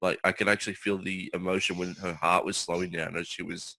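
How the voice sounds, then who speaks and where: A man's voice: deep voice, little pitch movement, a little fast, sharp tone, no room sound. A man speaking as a podcast guest, easygoing and full of "like" and "you know". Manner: easygoing, uses many fillers. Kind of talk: casual podcast chat.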